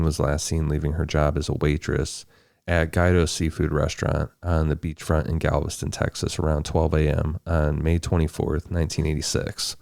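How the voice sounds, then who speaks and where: A man hosting a podcast, telling a true-crime story in steady, detailed narration with casual asides. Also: very deep voice, creaky, no echo, studio quality. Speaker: podcast host.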